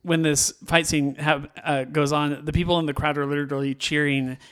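A man's voice: on the high side, little pitch movement, moderate pace, a bit bright, clean tone. A man chatting casually about a movie, enthusiastic and rambling, full of fillers and restarts.

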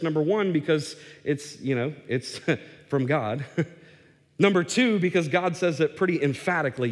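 A man's voice: high-pitched, moderate pace. A man preaching a sermon, emphatic, repeating words for stress, with restarts and fillers. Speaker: pastor. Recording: echoey hall reverb.

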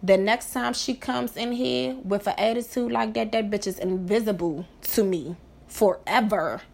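A woman's voice: mid-range voice, moderate pace, vocal fry, darkish tone. A woman hosting a podcast in a casual monologue, profane and emphatic, repeating phrases for effect. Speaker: podcast host.

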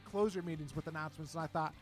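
A man's voice: on the high side, very fast, faint music behind. A man co-hosting a podcast in casual chat, speaking earnestly in simple phrases with fillers. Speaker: podcast co-host.

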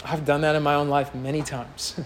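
A man's voice: on the high side, level tone, normal speed, slight background noise. A man preaching a sermon in a conversational way, acting out quoted voices now and then. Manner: conversational, mocks voices when quoting.

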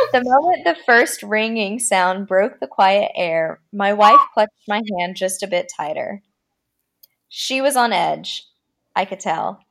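A woman podcast host with a gravelly, fairly bright, mid-range voice and lively intonation reads a horror story aloud. She delivers it dramatically, slowing down on the creepy lines.

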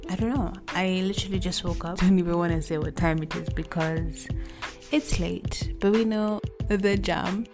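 Over music, a young woman talks on her solo podcast in a low-leaning, fairly even voice at a normal pace. She's recording indoors at a relative's place, and her casual, wandering chat keeps circling back as she rewords things.

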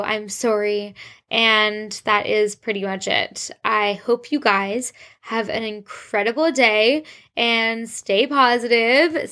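On her solo podcast, a bubbly young host rambles through a gushing, casual update, peppering it with "like." Her voice is a little high and a bit bright.

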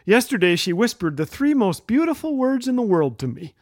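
An older man hosting a radio show, delivering a humorous monologue as playful storytelling with quick punchlines. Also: high-pitched, big pitch swings, darkish tone, dry recording, studio quality.

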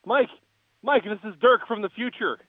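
A man's voice: high-pitched, moderate pace, no echo. A man calling in as a frantic male time traveler from a future war, pleading urgently. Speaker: caller. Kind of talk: comic call-in bit. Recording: tinny phone line.

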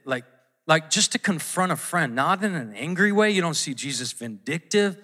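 Here a pastor speaks at normal speed in a fairly high, bright voice, forceful in tone and lively in intonation. Preaching conversationally in a church auditorium, he restarts sentences often and dramatizes quotes.

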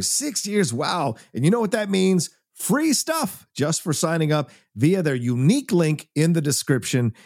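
Man, hyped sponsor read, higher voice, animated, dry close mic. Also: dry recording. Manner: hyped, promotional. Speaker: podcast co-host reading an ad.

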